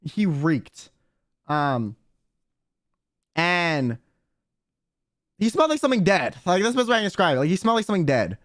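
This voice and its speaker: A man's voice: sits high, big pitch swings, normal speed, long pauses, fairly bright tone, no room sound, clean studio sound. A young man streamer telling a story casually, rambling and swearing with many fillers. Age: young adult. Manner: rambling, profane, lots of "like" and "um".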